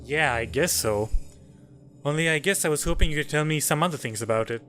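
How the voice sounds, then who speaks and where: Dude reading a lady detective, hesitant, kinda guarded, bright voice, little music underneath. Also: on the high side, brisk, natural voice. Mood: unsure. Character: young woman detective, guarded and determined. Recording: faint game music under voice.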